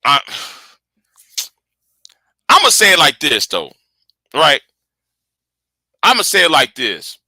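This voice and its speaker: A man's voice: a little high, huge pitch swings, slow pace, pauses often, sharp tone, no echo, studio quality. A man in his early forties with a casual, rambling way of talking. He chats from home on a livestream, often repeating words as he answers his viewers. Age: early 40s. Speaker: channel host.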